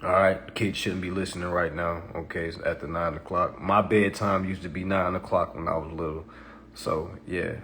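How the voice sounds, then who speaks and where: A man's voice: low-pitched, fairly even intonation, normal speed, fairly bright tone, a little hiss or hum. A man hosting a live stream, talking casually in a preachy, repetitive way, often asking "okay?" and acting out other people's doubting replies.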